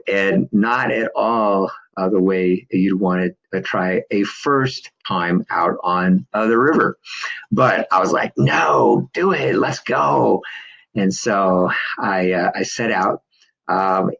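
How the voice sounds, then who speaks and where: A middle-aged man, a business coach, telling a personal story with many fillers and light chuckles, then pitching his services. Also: fairly bright tone, highs cut off.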